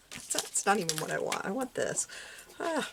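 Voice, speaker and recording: A woman's voice: medium pitch, sing-song, normal speed, vocal fry, background noise. A woman chatting casually while she makes paper crafts, muttering little asides to herself as she works. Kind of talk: casual crafting tutorial chat.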